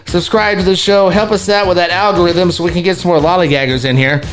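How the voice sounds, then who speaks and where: A man's voice: high voice, fairly even intonation, fast. A man hosting a sports podcast, steering the chat casually and giving the sign-off. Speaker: podcast host.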